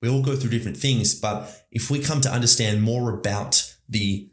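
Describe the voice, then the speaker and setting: A man's voice: mid-range voice, normal speed. A man with an Australian accent hosting a podcast, talking in an enthusiastic, rambling motivational monologue to his listeners. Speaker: podcast host. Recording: roomy echo.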